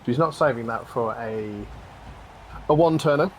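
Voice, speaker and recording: A man's voice: mid-range voice, moderate pace, slight background noise. A man commentating a video game match in casual style, with joking, self-deprecating banter and the odd swear.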